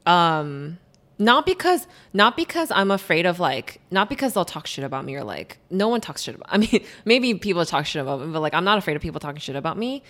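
A woman's voice: fairly low pitch, fairly quick. Young woman podcast host going off on a rant, says like a lot, bouncy up-and-down voice. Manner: ranting, animated, heavy use of "like". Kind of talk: casual chat.

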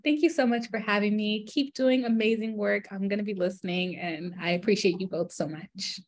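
A woman's voice: medium pitch, fairly quick. A woman guest on a podcast, speaking in casual, grateful chat.

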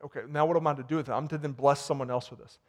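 A man's voice: a little high, fairly even intonation, rapid-fire, a little mellow. A man preaching a sermon in a church in a conversational way, retelling stories and ending in prayer. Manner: conversational preaching with retold dialogue, repeats words. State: sweating. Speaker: pastor. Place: warm church sanctuary.

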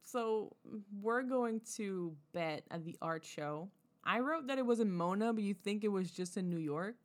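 A woman's voice: mid-range voice, animated, normal speed. A woman in casual chat, recapping a TV episode in a laid-back, wry, profane way.

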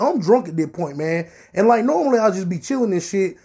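A young man telling a profane, animated story on his podcast. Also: sits high, a little fast, hardly any pauses, slightly rough. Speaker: podcast host. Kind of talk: casual storytelling.

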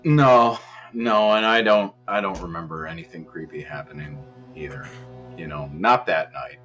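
A man's voice: deep voice, normal speed, fairly bright tone, highs cut off, soft background music. A man co-hosting a podcast in casual, agreeable conversation.

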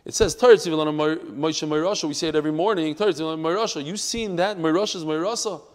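A man leads a Talmud class in a fairly high voice. He talks animatedly, dropping into quiet asides and then rising to loud, emphatic bursts. His voice carries a long reverb from the room. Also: very fast. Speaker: Torah teacher.

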